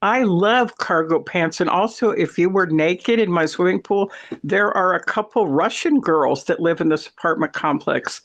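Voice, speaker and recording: A man in a casual chat, telling long stories in an animated, rambling way. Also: high-pitched, normal speed.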